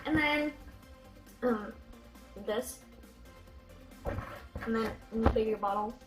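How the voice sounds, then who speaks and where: A female vlogger, high-pitched and bubbly, talks through a casual show-and-tell of her toys. She is chatty and excitable, with quick giggles and gasps. Faint music plays softly behind her. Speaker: vlogger showing her toy collection.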